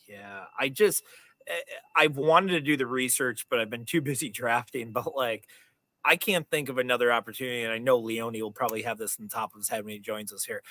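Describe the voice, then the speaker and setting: Bright, halting podcast host, man. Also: mid-range voice, dry recording. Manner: halting, many restarts and fillers. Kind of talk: casual fantasy football chat.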